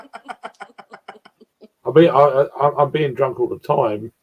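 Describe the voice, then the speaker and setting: A man's voice: mid-range voice, drawn-out words, dull audio, a little hiss or hum. An English man in casual chat on a live stream, laughing often and stammering through restarts. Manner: giggly, self-conscious, stammering restarts.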